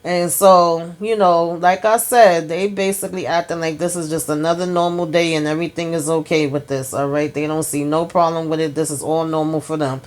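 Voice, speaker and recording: A woman with a lowish voice recaps a TV episode in a sassy, animated way. She talks straight to her viewers and keeps pulling them into her reactions. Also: brisk, hardly any pauses. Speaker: TV episode reviewer. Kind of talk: casual recap monologue.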